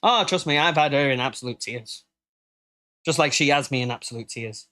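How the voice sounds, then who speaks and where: A man from the United Kingdom hosting a casual live podcast, joking and laughing, now and then breaking into silly high-pitched quoted voices. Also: normal speed, pushed and bright. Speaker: podcast host.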